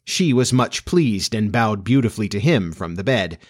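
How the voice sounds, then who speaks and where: A man narrating a children's classic as an audiobook in a measured, expressive storytelling manner. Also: on the low side.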